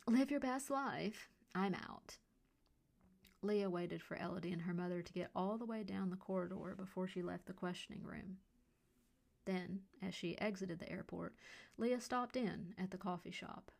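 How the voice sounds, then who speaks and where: Gravelly woman reading a story. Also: fairly low pitch, normal speed. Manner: calm, hushed and ominous at the close. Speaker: podcast host and storyteller. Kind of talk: scripted narration.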